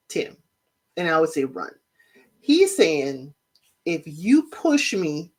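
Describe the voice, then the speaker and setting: Casting: woman with a lowish voice and lively swings in pitch, sassy reality recapper who acts out the quotes. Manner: chatty, sassy, quotes people in animated voices. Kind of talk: casual spoken recap.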